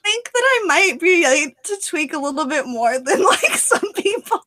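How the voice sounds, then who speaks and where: A woman auditioning as a voice actor, chatting in a relaxed way and laughing between lines. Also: very high voice, moderate pace, rough recording. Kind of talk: casual chat.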